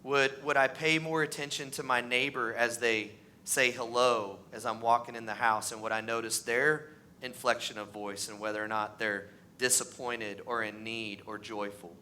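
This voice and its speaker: A pastor in his thirties preaching a sermon in a church, animated and acting out the voices of the people in his stories. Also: normal speed. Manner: animated, acts out voices, pitch rises on mocking lines. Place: church sanctuary.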